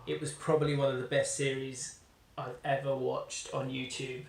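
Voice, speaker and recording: A man's voice: medium pitch, little pitch movement, normal speed, gravelly, roomy sound, recorded from a distance, a little hiss or hum. A man asking a question with enthusiasm, chuckling as he recalls favourite bits.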